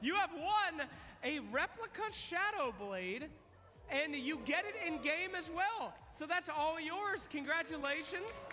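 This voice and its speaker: A man's voice: very high voice, animated, measured pace, pushed and bright. A man hosting a live trivia contest on stage, playful and teasing as he counts down answers. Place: large event hall. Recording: long arena reverb.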